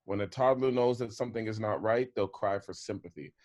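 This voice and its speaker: A man's voice: on the low side, brisk, darkish tone, dull audio. A young adult man talking in casual chat, emphatic and repeating his points.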